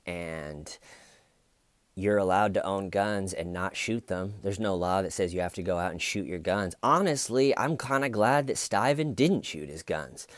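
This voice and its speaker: Guy, kinda low voice, sarcastic true crime commentary, dry close sound. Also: no room sound. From United States. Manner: sardonic, mocking, rambling with restarts. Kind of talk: casual video commentary.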